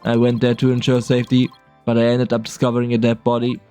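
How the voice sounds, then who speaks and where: A man streaming a game, reading a terse male bomb expert in a flat, clipped, machine-like delivery. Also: medium pitch, fast talker, clean tone, soft background music, close to an everyday voice. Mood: clipped robotic. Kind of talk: casual game dialogue reading.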